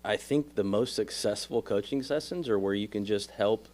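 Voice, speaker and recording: A man's voice: lowish voice, moderate pace, a little mellow. A man with a Texan accent who coaches real estate agents, reflecting on his coaching on a podcast. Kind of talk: podcast conversation.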